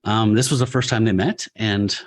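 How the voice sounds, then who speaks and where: A man's voice: lowish voice, steady tone, moderate pace. A man in his forties co-hosting a podcast, recapping a comic in casual chat, swearing freely, laughing and acting out the characters' lines. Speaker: podcast co-host.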